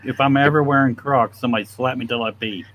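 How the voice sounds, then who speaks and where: A man's voice: medium pitch, fairly even intonation, quick pace, a little hiss or hum. Wisecracking man, dull lo-fi sound. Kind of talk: casual chat.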